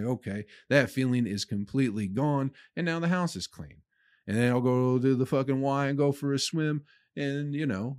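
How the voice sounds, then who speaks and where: A man's voice: mid-range voice, darkish tone, no room sound, studio quality. A man hosting his own comedy podcast, delivering a rambling, profane monologue that he aims at listeners he calls people. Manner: acts out his own inner voice in quotes.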